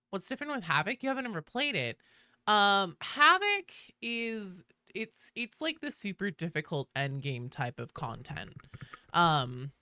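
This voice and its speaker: A woman streamer chatting casually with her viewers while gaming. She swears freely and greets people in a high sing-song. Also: background noise. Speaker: game streamer.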